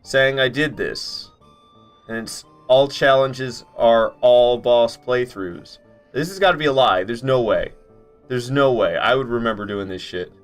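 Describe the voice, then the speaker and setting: A man with a clear, resonant, medium-pitched voice streams a video game at an unhurried pace, faint music behind him. Chatting casually with viewers, he swears often and sounds incredulous at his own old run.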